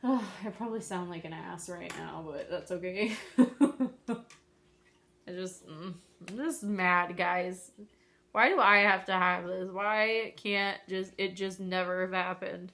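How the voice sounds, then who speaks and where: A woman's voice: fairly low pitch, a little slow, creaky, sharp tone. A woman vlogger chatting casually to viewers while doing her makeup, rambling and self-deprecating.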